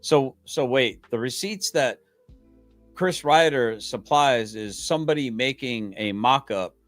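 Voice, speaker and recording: A man's voice: fairly low pitch, fairly bright tone, no room sound. A man on a livestream, sarcastic and heated, stammering at times and swearing casually. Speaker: livestream commentator.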